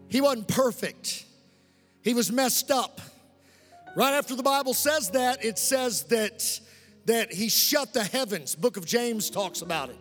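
A middle-aged male pastor preaching a lively, humorous sermon and calling out to the congregation for amens. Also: sits high. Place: church sanctuary. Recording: long reverb in a large hall.

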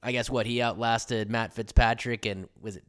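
A man's voice: medium pitch, steady tone, normal speed, clean tone. A young adult man co-hosting a podcast, talking casually in a rambling, stop-start way and laughing often. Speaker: podcast co-host.

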